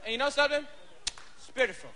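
A man's voice: very high voice, lively intonation, fast, background noise. A man voicing a drunk, belligerent father ranting at home in a stand-up bit.

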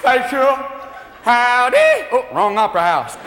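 Super high-pitched guy doing manic standup, loud crowd and noise behind him. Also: animated, echoey room, long reverb tail. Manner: manic, rapid-fire impressions. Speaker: stand-up comedian. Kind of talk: stand-up comedy set. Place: large opera house stage. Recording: live stage recording with loud crowd. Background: audience laughter and cheering.

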